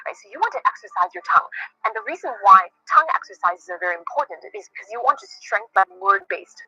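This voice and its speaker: A woman coaching listeners on clear speech, talking quickly and emphatically and often checking in with "right?". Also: medium pitch, lively intonation, sharp tone, dry recording, lo-fi sound. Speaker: speaking coach. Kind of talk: instructional talk on speaking clearly.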